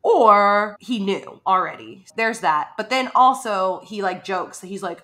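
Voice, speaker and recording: A woman's voice: mid-range voice, normal speed, hardly any pauses. A woman co-hosting a podcast, chatting casually and animatedly about a book and acting out lines from it. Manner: chatty, animated, acts out quotes. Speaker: podcast co-host.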